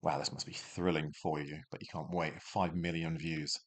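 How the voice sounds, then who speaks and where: A man's voice: extremely low pitch, level tone, normal speed. A young man teaching a beginner German lesson in a chatty, self-deprecating way, full of rambling asides. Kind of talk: casual self-recorded language lesson.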